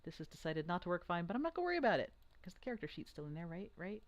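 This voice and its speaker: A game master running an online tabletop game, describing scenes in a rambling, hesitant way with many pauses and fillers. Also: medium pitch, very animated, highs cut off.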